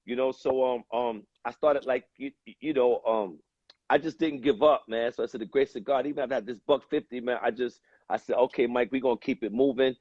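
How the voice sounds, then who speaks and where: A male actor as guest on a talk show, telling stories slowly and reflectively, acting out quoted voices and swearing now and then. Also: mid-range voice, fairly even intonation, darkish tone, no room sound, lo-fi sound. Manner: slow, reflective storyteller who acts out quoted voices and swears. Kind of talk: casual chat.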